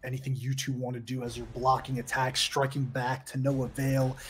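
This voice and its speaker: A man running a tabletop game as game master, his mid-pitched voice laying out the scene in measured, descriptive narration. He paces the story steadily. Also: level tone, soft background music.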